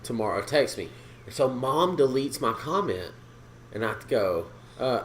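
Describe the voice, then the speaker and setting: A man on a casual podcast, ranting with a lively, swooping delivery and swearing a lot. He acts out the people he quotes. A faint hiss of noise sits under his voice. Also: a little high, unhurried. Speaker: podcast co-host. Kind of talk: casual profane chat.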